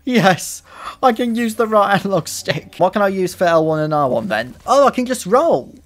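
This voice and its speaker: Let's-play guy, slightly high voice, sarcastic and sweary, excitable game commentary. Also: moderate pace.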